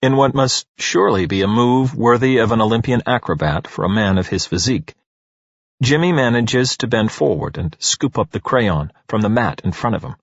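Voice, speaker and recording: A man narrating an audiobook in an expressive, animated storytelling manner. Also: lowish voice, normal speed, no room sound, muffled recording.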